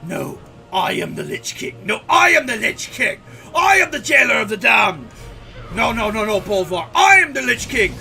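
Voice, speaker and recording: A man's voice: very high-pitched, big pitch swings, moderate pace, gravelly, pushed and bright, shouting, soft background music, heavily acted. A man voicing a grandiose, declaiming undead male tyrant king in a jokey impression.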